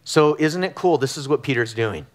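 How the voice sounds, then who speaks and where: A middle-aged man from Southern California preaching a conversational sermon, telling animated stories with frequent ums and restarts. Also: mid-range voice, normal speed. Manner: animated storytelling with frequent fillers. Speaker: pastor. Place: church sanctuary.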